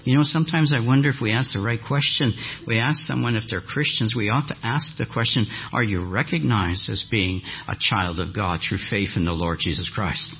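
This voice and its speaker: A man preaching a sermon as a guest speaker, telling a lively story and acting out the voices of the people in it. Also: lowish voice, fairly quick, hardly any pauses, breathy edge, dull audio. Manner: animated storyteller, acts out quoted voices. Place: church hall.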